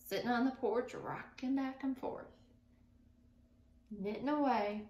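A woman teacher reading a picture book aloud to her class, pausing to think out loud about what she imagines. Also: on the high side, highs cut off. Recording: echoey room.

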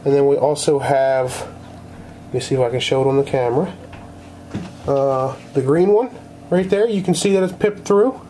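A woman's voice: extremely low pitch, normal speed, long pauses, warm tone, a little hiss or hum. A woman explaining things step by step on camera in a casual way.

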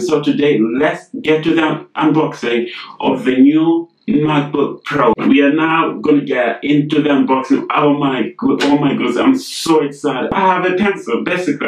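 A man's voice: mid-range voice, recorded from a distance. A young man gushing through an unboxing vlog. He keeps exclaiming and repeating himself. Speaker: vlogger. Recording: echoey room, voice off mic, faint noise.

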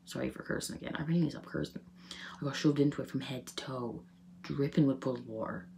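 A woman's voice: very deep voice, quick pace, vocal fry, mellow, slight background noise. A young woman chatting to camera, telling funny childhood stories with lots of fillers and laughter. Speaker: vlogger. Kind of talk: casual storytelling to camera.

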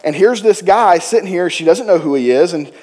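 A man preaching a sermon in a church, telling the story with animated voices for the people in it. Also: high voice, a little fast, in a large hall. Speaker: pastor. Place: church sanctuary.

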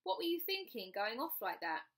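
A woman's voice: fairly high pitch, big pitch swings, normal speed, fairly bright tone, pitched above the performer's own voice, full character voice. A woman voicing a flustered, exclaiming father worried about his runaway daughter, in a storybook reading. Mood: cross.

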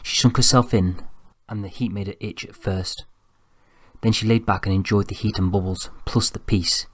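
A man reading an audiobook in an even, measured storytelling voice, close to the mic. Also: lowish voice, breathy edge, no room sound. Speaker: audiobook narrator. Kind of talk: scripted narration.

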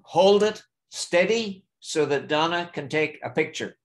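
A man moderating an online session, briskly reading out audience questions and keeping time. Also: a little high, animated. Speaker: webinar moderator.

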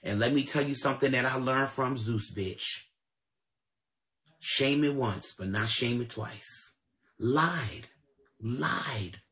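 This livestream commentator talks slowly with frequent pauses, his medium-pitched voice pushed and bright. His ranting is confrontational, full of profanity and repetition, delivered in AAVE.

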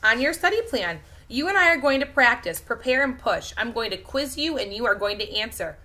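A woman reading aloud voicing a brisk, fiery woman classroom aide in a children's novel, lifting her voice higher and louder. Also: sing-song.

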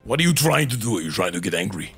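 A man voicing a stern, gruff warrior god and father in stiff formal speech, scolding his partner as "boy" during a game stream. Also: on the low side, very animated, fast talker, fairly bright tone, full character voice. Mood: barking. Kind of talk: gameplay voice impression.

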